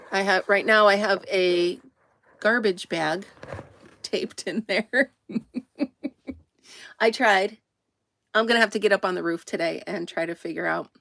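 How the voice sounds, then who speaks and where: A woman's voice: medium pitch, a bit bright, dry recording, studio quality. A woman chatting casually to viewers on a live stream from inside her camper, greeting them by name and laughing often. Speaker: livestream host.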